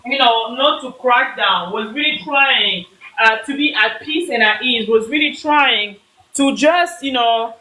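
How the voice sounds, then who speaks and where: A woman's voice: a little high, a little slow, sharp tone, slight background noise. A woman hosting a live talk as a coach for mothers, speaking earnestly and repeating her points, greeting viewers by name. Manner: repetitive, earnest, preachy. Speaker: host and mom coach. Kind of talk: motivational live-stream talk. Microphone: phone, audio-only live.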